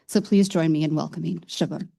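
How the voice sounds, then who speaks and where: Female event host reading a measured intro, low mellow voice. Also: fairly even intonation, gravelly. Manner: measured and formal. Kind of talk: formal read-out introduction.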